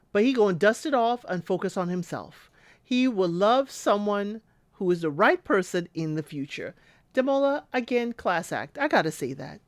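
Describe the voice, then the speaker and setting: A woman's voice: mid-range voice, no room sound. A woman recapping a reality show in casual commentary, chatty and talking back to the people she describes. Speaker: recap host.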